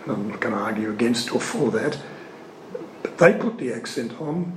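A man giving an earnest, emphatic sermon-style teaching on scripture. He leans hard on key words and pauses often. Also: mid-range voice, lively intonation, a little hiss or hum. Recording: echoey room.

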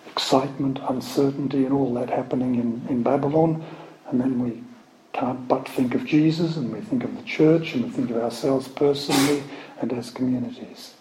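A man teaching from the Bible, reading scripture aloud slowly with emphatic stress and explaining it. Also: medium pitch, fairly even intonation. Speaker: preacher. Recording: echoey room, faint background noise.

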